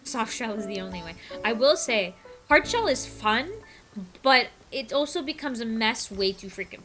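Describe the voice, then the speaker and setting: A woman with a fairly high, bright voice and a forceful tone plays a game on stream from her home computer desk. She keeps up casual, playful chatter and teases the people watching.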